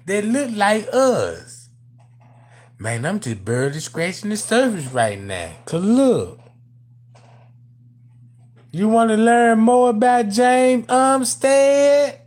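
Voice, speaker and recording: A commentator talking to viewers in casual video commentary, emphatic and profane, using street slang and addressing the audience directly. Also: mid-range voice.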